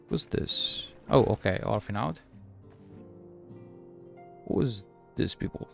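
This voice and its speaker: A male streamer commenting casually while playing, muttering quiet asides. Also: lowish voice, lively intonation, slow, vocal fry, pauses often, faint music behind. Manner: muttering asides between read lines.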